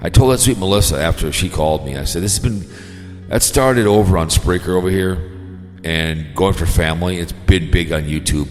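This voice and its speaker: Deep-voiced man rambling scornfully. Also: normal speed, darkish tone, big-room sound, faint music behind. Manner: rambling, scornful, peppered with "right?". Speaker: podcast host. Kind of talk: rambling casual monologue.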